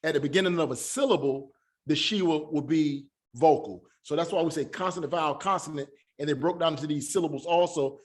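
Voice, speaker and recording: Man teaching hebrew, bit higher voice, goes over each sound again and again, easygoing, says y'all. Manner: patient, repeats words slowly to drill pronunciation. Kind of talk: classroom lesson.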